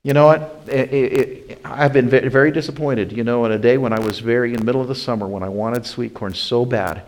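A man preaching a sermon as pastor. He swings from loud, rising emphasis to hushed, slow passages, repeats phrases and calls his listeners "my friends.". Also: mid-range voice, low-quality recording.

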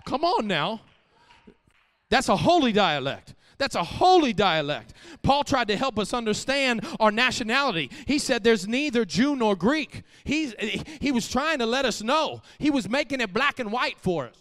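A man with an unusually high-pitched voice delivers a sermon to his church. He teases the congregation in soft asides, then climbs to loud, emphatic refrains, driving home each point by saying it again. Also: normal speed, hardly any pauses, in a large hall. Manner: animated preaching, swinging from soft asides to shouted peaks; repeats phrases for emphasis and talks straight to the congregation. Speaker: preacher. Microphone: live-streamed church mic.

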